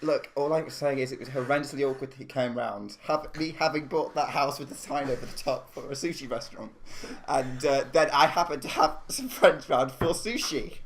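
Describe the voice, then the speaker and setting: A man from Devon, guest on a comedy podcast, improvising a scene in a dry, deadpan manner. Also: medium pitch, brisk, hardly any pauses, slight background noise. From Devon, England. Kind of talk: casual chat.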